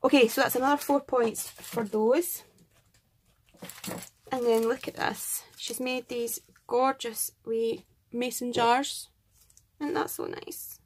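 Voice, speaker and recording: A Scottish woman in a casual craft vlog who talks in an excitable, gushing way, thanking viewers and counting out items. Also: fairly high pitch, slow. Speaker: craft vlogger. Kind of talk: casual chat unboxing and scoring craft entries.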